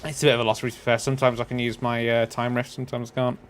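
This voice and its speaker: A man's voice: medium pitch, flat delivery, racing, slight background noise. A man co-hosting a game stream, teasing his partner with dry banter. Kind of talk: casual gameplay chat.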